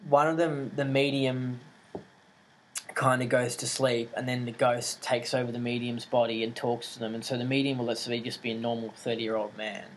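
A man talking in a casual, rambling monologue, hesitant and full of fillers, animated and incredulous as he tells stories. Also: medium pitch, a little hiss or hum, poor audio.

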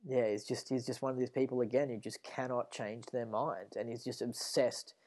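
A man's voice: mid-range voice, steady tone, normal speed, darkish tone. A man hosting a solo podcast, talking in a rambling way with many fillers and restarts. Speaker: podcast host.

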